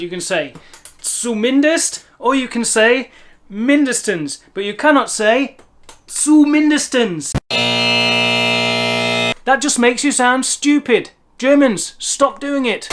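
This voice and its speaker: A man's voice: high-pitched, a bit bright. A middle-aged man from England giving a humorous language lesson in a mock-stern, emphatic, teasing manner. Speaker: language teacher.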